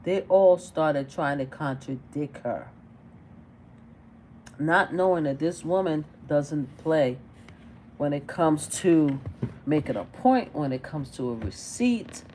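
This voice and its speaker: A woman's voice: low voice, lively intonation, takes it slowly, darkish tone, slight background noise. A middle-aged woman hosting a casual reaction livestream, chatting and firing off exasperated, repeated rhetorical questions. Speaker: livestream commentator.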